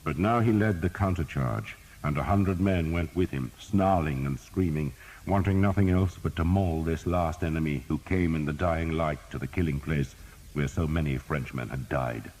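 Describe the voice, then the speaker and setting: Very deep, husky male audiobook narrator. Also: moderate pace, darkish tone, poor audio.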